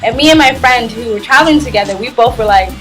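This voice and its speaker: A woman vlogger telling a storytime tale in a chatty, rambling way, with "like" dropped everywhere. Her voice sits a little high, and faint music plays underneath. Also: fast, fairly bright tone, poor audio. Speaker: travel vlogger. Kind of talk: storytime vlog.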